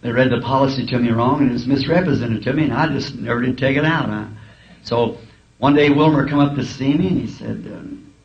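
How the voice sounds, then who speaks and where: A man's voice: medium pitch, brisk. A man preaching a sermon in a school auditorium, telling folksy, humorous stories. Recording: dull archival tape, faint hiss.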